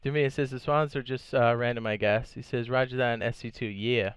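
A man giving live, excitable commentary while streaming a game, swearing and laughing often. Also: mid-range voice, brisk, clear, resonant tone, no room sound.

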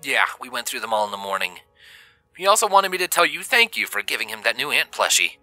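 Guy doing a caring young dad, gentle and jokey, lively intonation, dry mic. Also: mid-range voice, fast, dry recording, faint music behind, pitched above the performer's own voice, rough recording. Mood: warm. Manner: gentle, joking and warm. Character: warm caring young adult human dad.

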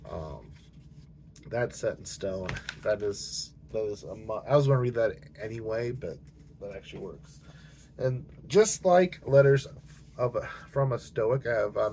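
A man with a lowish voice chats casually about books, rambling and restarting his sentences with plenty of fillers. He has the hiccups. A faint hum of room ambience sits behind him. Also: a little mellow. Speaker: book channel host. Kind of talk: casual chat to camera.

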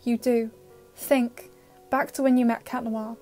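An earnest teenage boy hero, gentle and urgent by turns, pleading softly, as a woman reads him in an audio fan-fiction story. The voice sits fairly high, with faint music underneath. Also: level tone, a little slow, lightly acted.

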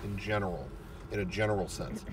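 A man hosting a casual chat while eating in a car, excitable and cursing freely. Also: low voice, brisk. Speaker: host. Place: inside a parked car. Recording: distant mic in a car, faint noise.

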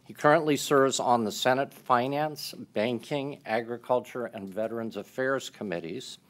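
A man acting as moderator, giving a measured, polite and formal introduction of a guest speaker. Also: medium pitch, a bit bright. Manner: measured, polite, reading prepared remarks.

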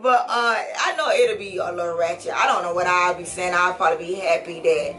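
A woman comedian being interviewed, chatting casually, bawdy and laughing often with loud exclamations. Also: on the low side, a little fast. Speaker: comedian guest.

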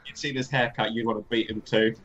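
A man's voice: lowish voice, level tone, fast, a bit bright, muffled recording. A young man in a casual gaming chat, teasing his friends and cracking crude jokes.

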